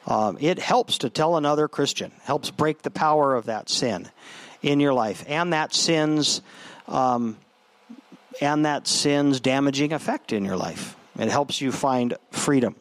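A man's voice: mid-range voice, unhurried, dry recording. A man preaching a sermon in a conversational way, often restarting his phrases. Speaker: pastor.

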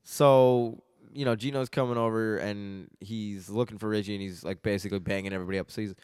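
A man's voice: on the low side, steady tone, fairly quick, few pauses, darkish tone, smooth, no room sound. Give me a man on a casual podcast, cracking up and doing movie-quote voices, dry close mic. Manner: laughs often, acts out movie quotes in mock voices. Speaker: podcast co-host. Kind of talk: casual chat.

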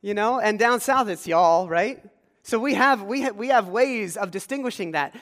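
High-voiced pastor preaching in a big hall. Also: male voice, animated, moderate pace, a bit bright. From rural Pennsylvania. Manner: conversational, engages congregation with questions. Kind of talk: sermon. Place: church sanctuary.

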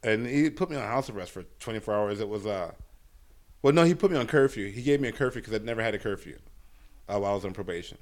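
A man's voice: on the low side, animated, fast talker, darkish tone. Profane rambling male comedian storyteller. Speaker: stand-up comedian guest. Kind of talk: casual storytelling interview.

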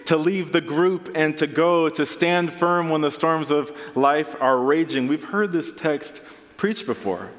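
A man's voice: on the high side, a little slow. Man preaching in a reverberant hall. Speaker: pastor. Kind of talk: sermon.

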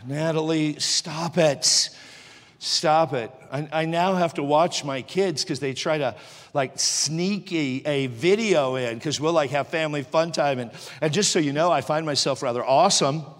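A middle-aged man preaching a sermon as pastor, moving from joking chat to loud fervent preaching. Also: on the high side, moderate pace, big-room sound.

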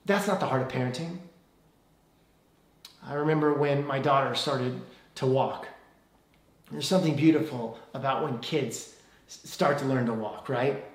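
A man's voice: mid-range voice, normal speed, pauses often, roomy sound. A man in his forties preaching a sermon in a conversational way, often asking "right?". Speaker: pastor.

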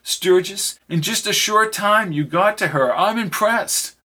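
A man's voice: sits high, measured pace, sharp tone, voice pushed up, full character voice. A man voicing a cold, smug villain who taunts his captive in an audiobook reading. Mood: taunting. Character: cold menacing man who manipulates realities.

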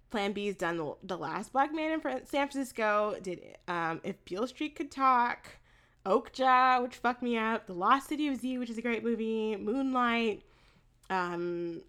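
A woman co-hosts a laid-back movie review podcast, speaking animatedly, laughing a lot and cursing freely. Her voice is slightly high and a little slow.

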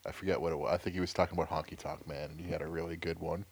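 A man with a very low voice, chatting loosely on a podcast. He swears freely and lets his sentences trail off. The sound is dry and close to the mic. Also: steady tone, rapid-fire, husky, dry recording. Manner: laid-back, profane, trails off with fillers. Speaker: podcast co-host. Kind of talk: casual chat.

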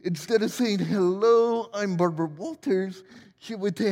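A pastor in his forties preaches a sermon in a high, darkish voice, speaking unhurriedly in a big-room acoustic. He's playful, joking at his own expense.

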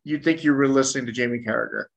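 Man, mid-pitched, gravelly podcast co-host, short casual remarks. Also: rapid-fire, slight background noise. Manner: brief, reading out listener questions. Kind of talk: casual sports chat.

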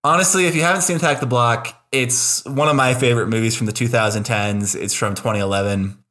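A man hosting a podcast in relaxed, chatty conversation. His voice sits at an ordinary middle pitch. He talks with enthusiasm and a self-deprecating streak. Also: fast. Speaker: podcast host. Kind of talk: casual podcast chat.

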